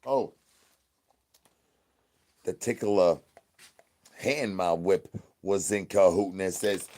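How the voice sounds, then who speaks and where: Male streamer, lowish voice, improvised raunchy rant, chant-like repetition, volume jumps. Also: takes it slowly, pauses often. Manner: rambling, repetitive chanting, swings from mumbles to loud bursts. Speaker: comedy streamer. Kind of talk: crude improvised comedy rant.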